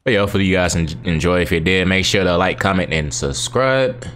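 Deep-voiced man casually narrating gameplay. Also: a little fast, slight background noise. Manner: relaxed slangy banter, talking back at the game. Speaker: gaming channel host.

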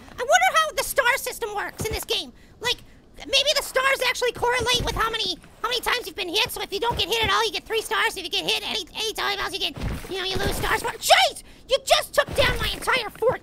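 A man voicing a tiny, excitable male cartoon apple who gives gameplay commentary and gets riled up at his opponent. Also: a little fast, gravelly, background noise, heavily acted. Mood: excited. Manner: squeaky, easily riled, shouting at opponent. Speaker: let's play gamer.

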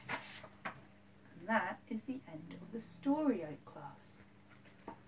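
A woman teacher reads a picture book aloud to her class, gentle and expressive, with small asides to the children. She films herself at home, and the camera sits a little far off, with a faint noise underneath. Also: mid-range voice, very slow. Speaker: primary school teacher. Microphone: self-filmed camera. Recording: distant mic, faint background noise.

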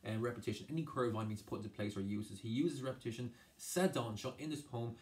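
A man's voice: medium pitch, fast. A man tutoring exam revision, translating each phrase and going over points again and again. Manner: explains by translating each phrase, repeating himself. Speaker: Irish language tutor.

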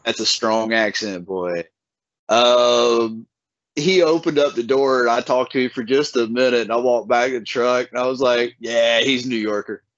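A man's voice: medium pitch, fairly even intonation, no room sound. A man hosting a podcast, telling stories in a laid-back, folksy way. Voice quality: laid-back, folksy storytelling with drawn-out words. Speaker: podcast host. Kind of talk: casual podcast chat. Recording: dull, dry lo-fi audio.

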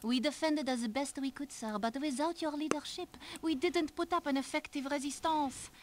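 A woman's voice: sits high, moderate pace, slight background noise, close to an everyday voice. An actress playing a female hummingbird soldier in a video game, reporting in a formal, dutiful military way. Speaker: game character.

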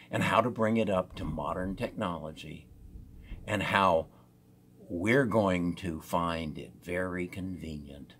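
A man's voice: on the low side, husky. An older man giving a promotional talk to viewers, emphatic and salesy, speaking straight to them. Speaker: real estate agent and investor.

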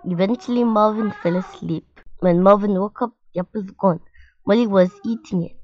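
A woman reading a picture book aloud to children in a clear storytime manner. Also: mid-range voice, normal speed, a little mellow, lo-fi sound.

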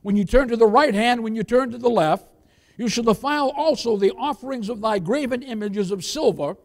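High-voiced preaching pastor. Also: male voice, a little fast. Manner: preaching with rising emphatic calls, addresses the congregation as beloved. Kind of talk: sermon. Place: church.

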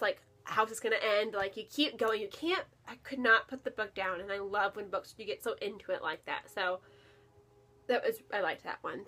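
A woman with a slightly high voice chats at home in a loose, eager way. She fills her talk with ums and likes and repeats words for emphasis. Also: fairly bright tone. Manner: chatty and enthusiastic, with many fillers and repeated "really". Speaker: book vlogger. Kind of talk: casual chat. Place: home, near her bookshelf.

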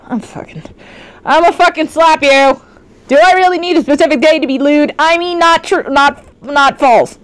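A woman streamer chatting live over a game, excitable and shrieking, her voice often cracking. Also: high-pitched, moderate pace. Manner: excitable, shrieking, swearing at chat. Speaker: virtual streamer. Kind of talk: live gaming stream chat.

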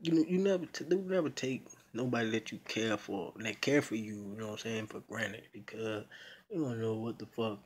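Husky-voiced young man retelling a story. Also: on the low side, brisk. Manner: slangy, cursing, rambling. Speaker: video blogger.

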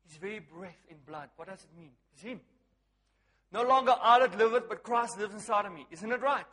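Male preacher, high voice, bright and forceful tone, animated sermon, asks the crowd questions. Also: a little fast, big-room sound.

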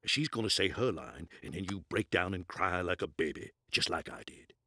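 An actor playing an old rooster film director with a drawl and a habit of repeating "I say". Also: male voice, deep voice, moderate pace, pushed and bright, slightly rough, no room sound, clean studio sound, heavily acted. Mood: coaching. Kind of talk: cartoon voice acting.

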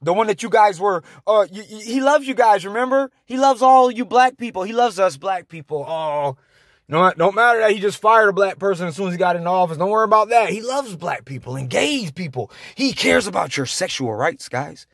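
A man delivering an angry, confrontational rant to his viewers, halting often on fillers. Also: sits high, lively intonation, a bit bright, no echo, studio quality. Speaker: vlogger.

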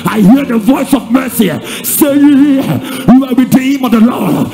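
A man preaching a sermon, mixing English and Twi and slipping into a sing-song, shouted prayer. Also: very high voice, expressive, a little slow, creaky, over music, rough recording. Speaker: pastor.

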